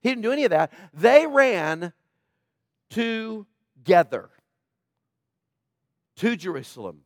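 A man's voice: high-pitched, sing-song, takes it slowly, a little mellow, dry recording, studio quality. A man preaching a sermon as pastor, in a conversational way that keeps asking the congregation "right?", and raising his voice when he quotes a prayer. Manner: dramatic quoting of prayer in a raised voice.

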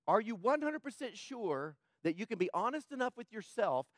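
Impassioned high-voiced male pastor. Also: big pitch swings, normal speed, dry recording, studio quality. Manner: impassioned, swings from loud to hushed. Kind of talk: sermon.

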